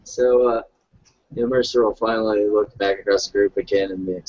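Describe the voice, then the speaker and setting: A man playing a tabletop game, speaking for his character in an easygoing, deadpan way. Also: lowish voice, brisk, dry recording. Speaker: player. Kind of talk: tabletop role-play in character. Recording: dull lo-fi recording.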